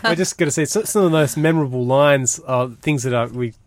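Excited podcast guest, stumbles on starts, dry close sound. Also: mid-range voice, fast, no echo. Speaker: podcast panelist. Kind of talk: casual chat.

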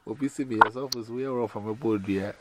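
A man chatting casually on a call, rambling in broken pidgin English and often laughing. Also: medium pitch. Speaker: caller. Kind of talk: casual chat. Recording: loud noisy call recording.

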